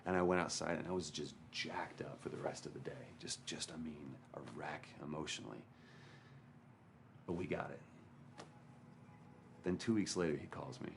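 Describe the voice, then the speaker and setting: A man's voice: very deep voice, normal speed, creaky, pauses often, noisy background. A man speaking as an actor, candidly and with self-mockery, as he recalls a hard shoot. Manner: candid, storytelling, self-mocking. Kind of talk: documentary interview.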